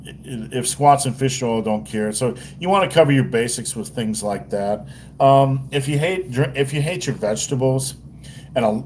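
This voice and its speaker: A man's voice: medium pitch, darkish tone, slight background noise. A man hosting a casual livestream, rambling and joking with crude language. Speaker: livestream host.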